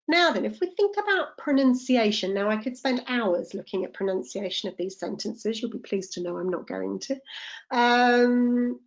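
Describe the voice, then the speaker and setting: A woman's voice: fairly high pitch, highs cut off. A woman, a tutor running a live online teacher-training lesson, explaining step by step and checking in with the group. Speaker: TEFL tutor.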